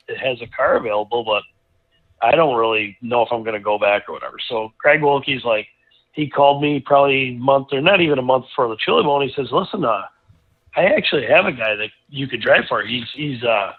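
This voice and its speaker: A middle-aged man, a guest racing driver, telling a rambling, animated anecdote in casual conversation, full of restarts. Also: medium pitch. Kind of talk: casual storytelling. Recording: tinny phone-like line.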